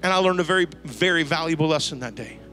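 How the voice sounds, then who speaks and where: Pastor, male, slightly high voice, lively storytelling sermon, soft music behind. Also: quick pace. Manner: storytelling, animated, slangy asides. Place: church service before a congregation.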